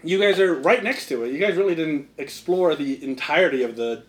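A man's voice: fairly high pitch, lively intonation, a little fast. A young man narrating as game master in a casual, rambling way, full of fillers. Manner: rambling, filler-heavy, laughs often.

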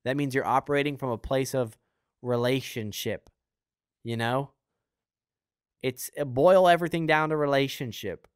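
A man's voice: medium pitch, normal speed, pauses often, clean tone, no room sound, studio quality. A young man with the hiccups, hosting his own show and giving a casual, earnest Christian teaching full of fillers and asides. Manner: earnest, conversational, rambling with fillers. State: has the hiccups. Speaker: podcast host and preacher.

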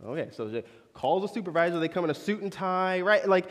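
A man's voice: high voice, animated, fast talker, fairly bright tone, long reverb tail. Young male preacher telling stories. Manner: conversational, joking asides to the audience. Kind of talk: sermon storytelling.

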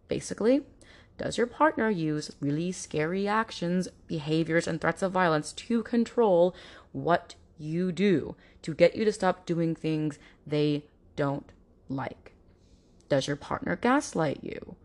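A woman with a low-pitched voice hosts an informative podcast. She talks earnestly and directly to listeners and sometimes slips into mocking voices to mimic other people. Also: animated, a little slow, vocal fry. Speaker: podcast host.

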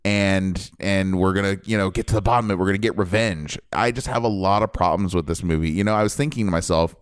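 A man on a casual podcast, giving an animated, opinionated spoiler review of a movie. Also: low-pitched, quick pace, smooth, no echo, studio quality. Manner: animated, opinionated, jumps between points. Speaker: podcast host reviewing a film.

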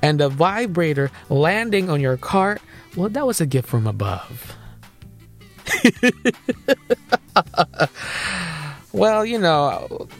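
A young man hosting a comedy podcast. He tells stories in an animated, repetitive way and laughs at his own jokes. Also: fairly high pitch, gravelly. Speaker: podcast host. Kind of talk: comedic monologue.

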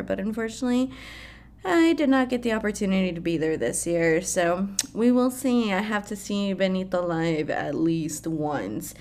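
A woman's voice: mid-range voice, a little mellow. A young woman hosting a casual pop culture chat, swearing freely and laughing often. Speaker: pop culture podcast host. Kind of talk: casual celebrity news chat.

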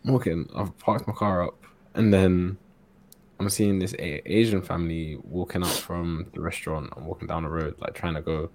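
A young man tells a story on a laid-back podcast from his bedroom at home. His voice sits very low and comes out husky. He keeps the telling animated and laughs easily. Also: moderate pace. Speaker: podcast co-host. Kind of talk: casual storytelling chat.

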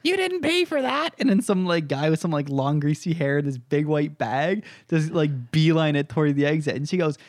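A young man with a somewhat high voice tells stories in a casual podcast chat. He is animated, laughs often and swears freely. The sound is close and dry. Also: moderate pace, hardly any pauses, no room sound.

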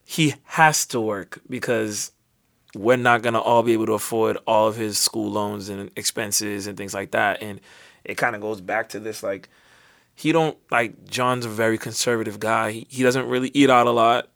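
A man in his twenties co-hosting a casual podcast chat, telling stories in a relaxed, reflective way. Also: on the low side, normal speed, vocal fry. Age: 20s. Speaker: podcast co-host.

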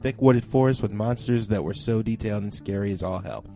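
Mellow-voiced man reading a listener email. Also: lowish voice, fairly quick, faint music behind. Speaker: podcast co-host. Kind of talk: reading a listener email aloud, then casual chat.

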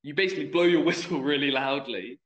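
A man's voice: a little high, fast, fairly bright tone. A young man, a youth football referee, telling a story in casual podcast chat and acting out the quoted voices. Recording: echoey room, dull lo-fi sound.

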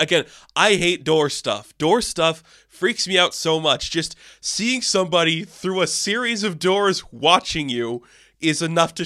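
A young man giving a casual, animated film review on his own channel, swearing now and then and acting out quick quoted asides. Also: mid-range voice, no room sound, clean studio sound.

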